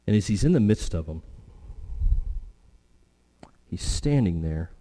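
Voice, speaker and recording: A man preaching a sermon, emphatic, slowing down to stress key phrases. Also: low voice, expressive, mellow. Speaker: pastor.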